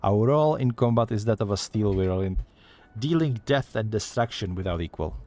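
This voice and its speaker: A man's voice: fairly low pitch, expressive, moderate pace, darkish tone, close to an everyday voice. A man voicing a stern, blunt male axe master from a game, reading his lines in a direct, solemn way. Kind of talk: reading game dialogue aloud.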